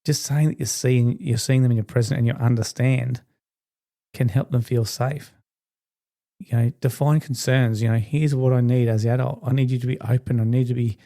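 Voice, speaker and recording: A man's voice: mid-range voice, creaky, dark tone. A man hosting a podcast, giving earnest self-help advice in a conversational way with many fillers. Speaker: podcast host.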